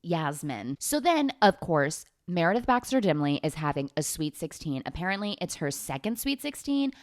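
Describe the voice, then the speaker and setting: A woman's voice: lowish voice, big pitch swings, moderate pace. A young woman vlogger recapping a movie from memory in a casual, gossipy, sarcastic way, full of swearing.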